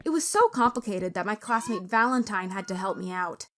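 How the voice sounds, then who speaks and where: A woman narrating a first-person story in a dramatic, expressive way. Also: mid-range voice, a little fast.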